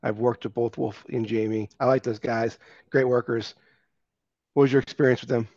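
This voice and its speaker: A man's voice: mid-range voice, fairly even intonation, normal speed, a little mellow, no room sound. A man hosting a casual interview, eager and chatty as he tells his own stories. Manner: eager and chatty, laughs along. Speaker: podcast host. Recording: dull lo-fi, dry.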